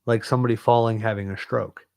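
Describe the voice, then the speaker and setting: A man co-hosting a podcast, speaking calmly and mostly offering short agreements. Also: fairly low pitch, quick pace, creaky, no echo. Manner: calm, mostly brief agreements. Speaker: podcast co-host. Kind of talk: casual chat.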